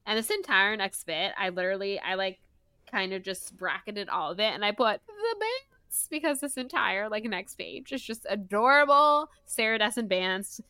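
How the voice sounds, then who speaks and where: A woman's voice: mid-range voice, animated, moderate pace, pushed and bright, clean tone, no echo. A young woman co-hosting a book podcast, recapping a chapter in loose, laughing chat full of fillers. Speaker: podcast co-host. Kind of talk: casual book-club chat.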